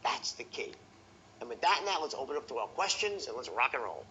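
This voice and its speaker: A man teaching a sales seminar in an animated way, showing different tones with his voice and checking in with the audience. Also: medium pitch, a little fast, a crowd in the background, rough recording. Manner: talks to the audience directly, asks okay and right. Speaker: sales trainer.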